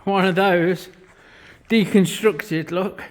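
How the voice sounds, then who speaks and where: Slowly and steadily, a man with a voice that sits high walks through his metalwork in a casual vlog. He's a vlogger and metal fabricator who speaks bluntly, curses a lot and gets out of breath at times.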